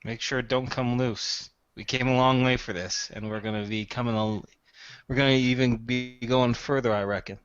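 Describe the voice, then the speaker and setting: A man voicing a steady, practical male adventurer who leads his group, speaking in a plain, level-headed way. It is a tabletop game role. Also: medium pitch, normal speed, clear, resonant tone, close to an everyday voice. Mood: calm, practical. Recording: dull lo-fi mic.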